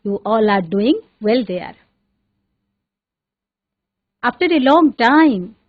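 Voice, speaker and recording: A woman headmistress with an Indian English accent, teaching an online English class in an encouraging way and repeating her phrases. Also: a little high. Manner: encouraging, repeats phrases, recites tongue twisters fast. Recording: narrow phone-like sound.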